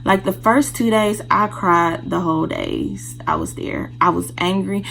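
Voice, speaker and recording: A woman's voice: mid-range voice, a little slow, creaky, a bit bright, rough recording. A woman vlogger telling a personal story in a candid, casual way, speaking straight to her viewers.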